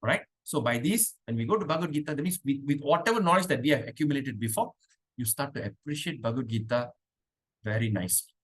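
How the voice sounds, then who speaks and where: A man leading an online devotional class over a video call, asking the class questions and chanting verses slowly. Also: mid-range voice, animated, a bit bright, husky. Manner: chatty, asks the class questions. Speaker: spiritual teacher.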